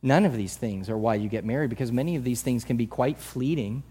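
A male pastor preaching a sermon in a conversational way, swinging from soft asides to loud emphasis. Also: medium pitch, fairly quick, slightly rough.

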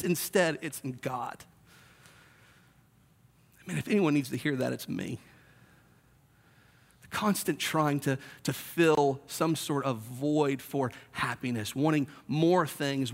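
A man's voice: a little high, fairly bright tone. A man in his thirties preaching a sermon in a conversational way, acting out the voices he quotes. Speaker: pastor.

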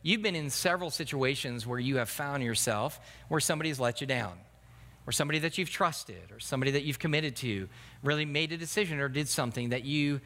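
Male pastor, earnest sermon delivery, forceful tone, long hall reverb. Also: mid-range voice.

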